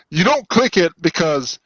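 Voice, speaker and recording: A man chatting casually on a drawing stream, animated and quick to laugh. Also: high-pitched, slightly rough, dry recording. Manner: laughs often, animated storytelling. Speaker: co-host of an art stream. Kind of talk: casual chat. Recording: dull dry sound.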